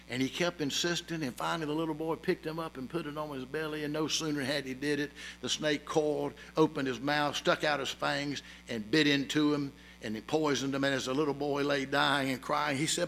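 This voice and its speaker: A man's voice: on the high side, steady tone, a little fast, creaky, few pauses, fairly bright tone, low-quality recording. A man preaching a sermon, emphatic, with rhetorical questions and storytelling. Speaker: pastor.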